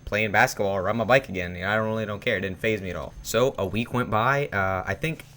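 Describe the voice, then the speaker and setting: A man's voice: on the low side, fast, a bit bright. A young man telling a personal story in a rambling, casual way, with many fillers and restarts. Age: young adult. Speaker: vlogger.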